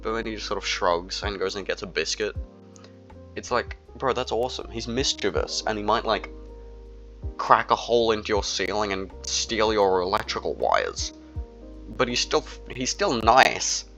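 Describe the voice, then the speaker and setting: A man's voice: lowish voice, lively intonation, normal speed, bright, forceful tone, faint music behind. A young man in a casual, rambling monologue, full of fillers and slang. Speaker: solo video creator. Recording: dull lo-fi recording.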